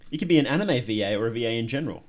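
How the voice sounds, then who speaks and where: A man streams casual reaction commentary, rambling and joking with his chat. He laughs often and his voice sits at an ordinary middle pitch. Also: darkish tone.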